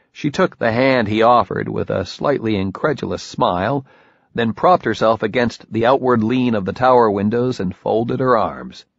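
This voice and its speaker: A man's voice: lowish voice, vocal fry, no echo, muffled recording. A man narrating a novel in the first person, dry and matter-of-fact. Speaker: audiobook narrator.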